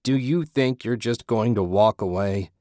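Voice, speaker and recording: A man reading an audiobook, voicing a gruff, taunting male gang leader. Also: fairly low pitch, a little slow, dark tone, no echo, studio quality, close to an everyday voice. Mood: menacing.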